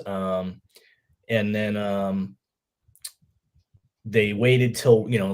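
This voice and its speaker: A middle-aged army veteran telling his story casually in an interview, peppering it with "man" and acting out what others said. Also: lowish voice. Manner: animated, acts out quoted voices, lots of "man". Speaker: podcast guest, army veteran.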